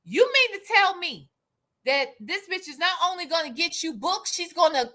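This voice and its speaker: A woman's voice: extremely high pitch, lively intonation, normal speed, pushed and bright. A woman hosting a live stream, giving casual commentary in a sassy, profane and dramatic way.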